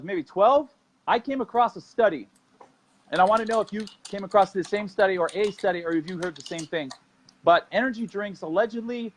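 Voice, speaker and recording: A man hosting a fitness show, leading an exercise demo and then chatting in an energetic, jokey, rambling way, a little out of breath. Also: sits high, slight background noise. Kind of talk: exercise demo and casual podcast chat.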